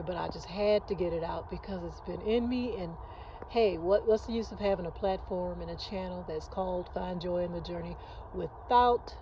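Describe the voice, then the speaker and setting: Early in the morning at home, a fifty-something channel host films a heartfelt, rambling vlog on her phone, face off-camera, restarting often as she speaks earnestly. Her warm voice is on the low side, and the recording is muffled with a little hiss or hum.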